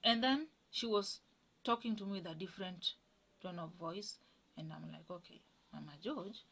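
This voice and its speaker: A woman's voice: normal speed, creaky, a bit bright, husky. Woman telling a personal story. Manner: acts out others' lines in a raised pitch.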